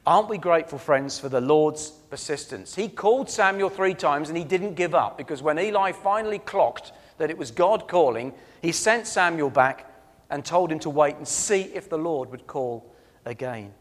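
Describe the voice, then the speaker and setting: A man preaching a sermon, telling personal stories with earnest emphasis that swings from loud to soft. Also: on the high side, expressive, moderate pace, long reverb tail.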